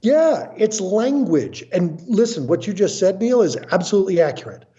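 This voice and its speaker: A man's voice: high-pitched, very animated, moderate pace, mellow, muffled recording. A man speaking as an interview guest about his work as a family counselor, blunt and emphatic, acting out what other people say. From United States. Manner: emphatic, blunt, acts out quotes. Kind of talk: animated storytelling interview.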